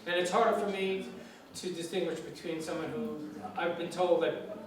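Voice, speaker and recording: A man from New York City speaks to a class in an easy, chatty way, stopping often to restart his thoughts. His voice sits slightly high. It comes from a distance in a very echoey room with a faint hiss underneath. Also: moderate pace. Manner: relaxed, chatty, many fillers and restarts. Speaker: guest lecturer on English. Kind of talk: informal classroom talk. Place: university lecture room.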